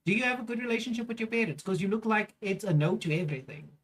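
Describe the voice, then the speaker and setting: A woman's voice: mid-range voice, animated, rapid-fire. A woman streamer reacting to clips in a profane, mocking rant, swearing heavily.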